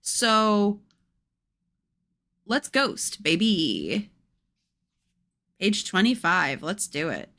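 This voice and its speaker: A woman's voice: mid-range voice, very animated, very slow, long pauses, sharp tone. A young woman hosting a livestream, chatting playfully and reading a spooky children's book aloud. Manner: chatty, playful, breaks off to coo at her cats. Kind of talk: casual chat and storybook read-aloud.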